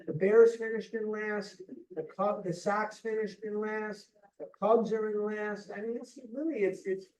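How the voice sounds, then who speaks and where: A man's voice: sits high, steady tone, unhurried, a little mellow. A man of about seventy from the Chicago area, sharing his story at a recovery retreat with heartfelt emphasis and frequent restarts. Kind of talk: personal testimony talk. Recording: roomy hall, mic far off.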